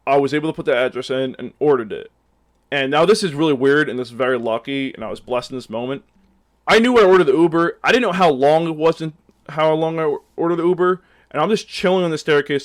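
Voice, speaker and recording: Young man rambling through a storytime. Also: a little high. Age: young adult. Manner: rambling, heavy use of fillers; animated, acts out his own past lines. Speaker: storyteller vlogger. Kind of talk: casual storytime.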